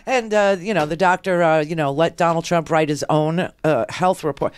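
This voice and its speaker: A woman's voice: fairly low pitch, moderate pace, smooth. A middle-aged woman hosting a political talk radio show, with a sarcastic, mocking delivery. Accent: New York.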